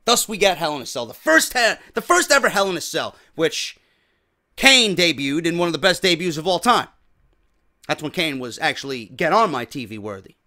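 A man's voice: on the high side, sing-song, normal speed, pushed and bright. A man with a New York accent hosting a wrestling podcast, ranting profanely and firing off rhetorical questions. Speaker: podcast host.

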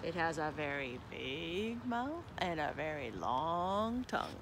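A woman voicing a worried father frog in a storybook, speaking low and gravely, with background noise. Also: big pitch swings, slow pace, exaggerated voice.

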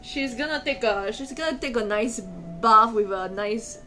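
A woman streaming casually from a hotel room. She is excitable and giggly, and often repeats words and restarts her sentences. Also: a little high, moderate pace. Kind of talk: casual live stream chat.

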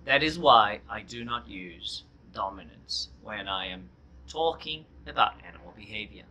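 A man with a very bright, sharp voice teaching about animal training. He speaks in a measured, explanatory way and often reads out research and the positions of professional groups. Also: fairly low pitch, expressive, lo-fi sound. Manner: measured, reads out cited sources. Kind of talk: explanatory video lesson.

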